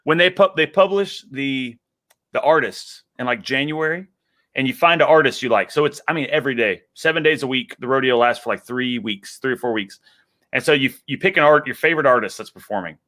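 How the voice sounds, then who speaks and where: A man's voice: medium pitch, a little fast, bright, forceful tone. A man with a Texan accent chatting casually on a headset, an enthusiastic, drawling storyteller. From Texas. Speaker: guest. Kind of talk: casual chat.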